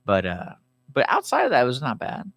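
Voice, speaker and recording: A man's voice: medium pitch, wildly swooping pitch, a little fast, creaky, fairly bright tone, dry recording. A man co-hosting a podcast, giving blunt, offhand opinions in casual chat. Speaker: podcast co-host.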